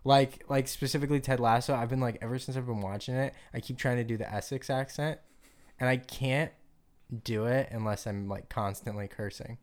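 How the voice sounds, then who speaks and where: A man's voice: medium pitch, fairly even intonation, fairly quick. A young man co-hosting a podcast, chatting in a bubbly, rambling way and laughing often. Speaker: podcast co-host. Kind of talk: casual chat.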